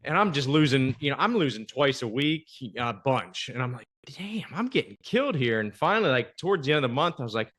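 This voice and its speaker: A man hosting a podcast, telling a golf story in casual chat and acting out the quoted trash talk with big jumps in pitch. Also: animated, fast, few pauses, fairly bright tone. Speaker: podcast host.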